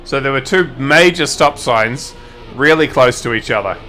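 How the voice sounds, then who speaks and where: Rambling New Zealand streamer, bright voice. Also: male voice, mid-range voice, normal speed, faint music behind. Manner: rambling, swears casually, self-correcting. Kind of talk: casual storytelling while gaming.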